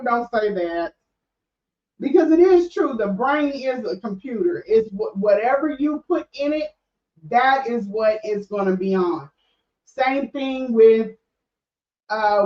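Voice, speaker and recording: A middle-aged woman with a fairly high voice talks candidly in a casual livestream, often stopping to restart her sentences. She sits back from the mic in a roomy, echoing space, and the sound is a bit dull. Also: distant mic. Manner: candid, conversational, with frequent restarts. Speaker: podcast host.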